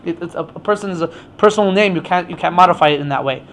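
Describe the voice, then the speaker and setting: A man's voice: high voice, rapid-fire, a bit bright. A man teaching an informal Torah class, explaining with many stammered restarts.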